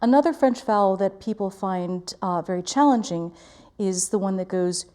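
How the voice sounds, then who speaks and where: Woman voice teacher, warm mellow tone, careful precise articulation. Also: medium pitch, animated, moderate pace. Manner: clear, careful articulation, demonstrating vowels. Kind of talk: diction lesson.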